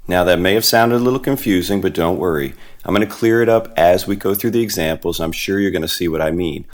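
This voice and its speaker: Man, very low voice, teacher narrating a scripted lesson, patient step-by-step explanations. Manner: patient, explains step by step, slows down on the Spanish words. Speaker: Spanish teacher.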